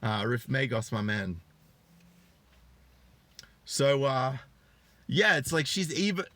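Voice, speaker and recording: A man in his thirties with an Australian accent, hosting a live stream. He retells stories with rising excitement, greets viewers in chat, and swears freely. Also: slow, pauses often, no room sound. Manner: animated storyteller, swears freely, voice rises high when excited. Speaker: online show host.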